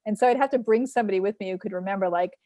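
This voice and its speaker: A woman's voice: mid-range voice, racing, no echo. A woman from Long Island in a casual group chat, telling stories and acting out the quotes. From Long Island, New York. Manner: animated storyteller acting out quotes.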